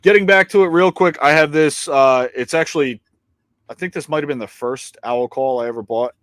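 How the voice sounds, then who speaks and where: A man's voice: a little high, brisk, a bit bright, dry recording, studio quality. A man co-hosting a casual podcast chat, boastful and joking, swearing freely and trailing off into fillers. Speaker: co-host.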